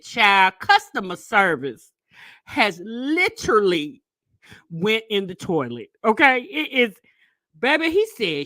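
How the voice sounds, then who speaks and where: Animated chatty woman, bright lively voice. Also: mid-range voice, slow, no room sound. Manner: chatty, animated, laughs and whoops while telling a story. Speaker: live stream host. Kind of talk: casual live chat storytelling.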